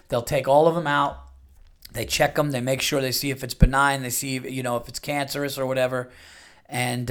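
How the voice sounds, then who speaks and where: A man, under fifty, hosting a podcast in a casual monologue, blunt and crude, rambling with many fillers. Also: medium pitch. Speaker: podcast host.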